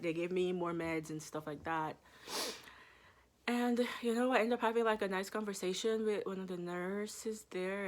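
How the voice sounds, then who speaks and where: Chatty young woman telling a story. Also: fairly low pitch. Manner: chatty, laughs often, drawn-out fillers. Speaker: medical student. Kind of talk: casual storytelling vlog.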